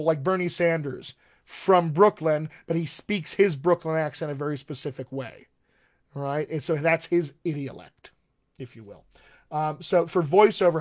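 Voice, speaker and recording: Higher-voiced American man coaching live. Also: darkish tone. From United States. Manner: explanatory, reads out viewer questions and demonstrates mouth sounds. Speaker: dialect coach. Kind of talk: live online Q&A teaching.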